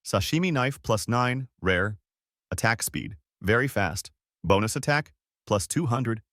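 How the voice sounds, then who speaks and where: Game system announcer voice, guy reading it, flat neutral notices, dry close mic. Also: medium pitch, a little slow, no echo. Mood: announcing.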